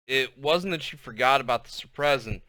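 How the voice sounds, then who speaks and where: A man's voice: mid-range voice, moderate pace, bright, forceful tone, no room sound. A man reading a children's chapter book aloud, recapping with fillers and then reading steadily. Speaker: reader of a children's novel.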